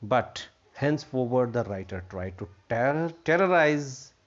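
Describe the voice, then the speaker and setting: A man's voice: mid-range voice, animated, a little slow. A man teaching an English textbook lesson, repeating himself and defining words with many fillers. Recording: dull lo-fi recording.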